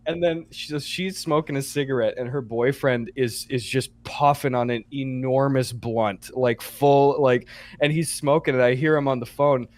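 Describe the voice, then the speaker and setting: A young man co-hosting a podcast, telling a story in casual chat, animated and swearing casually. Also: medium pitch, moderate pace, few pauses. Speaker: podcast co-host.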